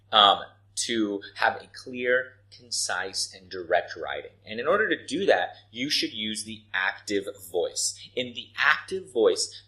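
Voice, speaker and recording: A man in the middle of a business English lesson. His pitch rises and falls a lot as he walks through example sentences. He keeps stopping to ask "right?" or "okay?" to check that the listener follows. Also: a bit bright, poor audio. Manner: explains with examples, asks frequent "right?" and "okay?". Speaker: English teacher. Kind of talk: explaining a writing lesson.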